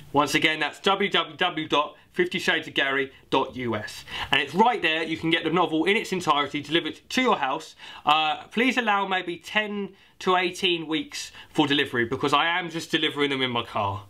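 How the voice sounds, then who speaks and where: A young British man rambles awkwardly through a comedy sketch, selling his own book with clumsy asides. His voice sits a little high and sounds bright and forceful. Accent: British English. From Britain. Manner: rambling, awkward, self-promoting. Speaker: comic playing a self-published author.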